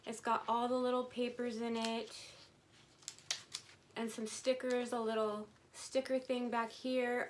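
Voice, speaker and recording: A woman vlogger chatting casually to her viewers as she unboxes items, gushing and excitable. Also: a little high, slight background noise.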